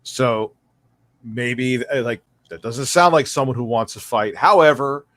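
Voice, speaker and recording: A man's voice: mid-range voice, unhurried, a bit bright, dry recording. A man speaking as a podcast guest, casual, blunt and wry.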